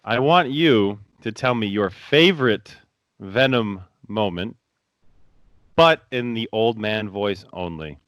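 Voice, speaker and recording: A man's voice: lowish voice, takes it slowly, a bit bright, dry recording. A man cohosting a podcast, joking crudely in casual chat.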